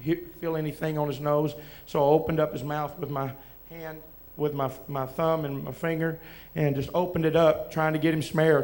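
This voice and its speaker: A man with a Southern US accent, preaching as he tells a halting, emotional testimony with many restarts. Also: a little high. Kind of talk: testimony from the pulpit.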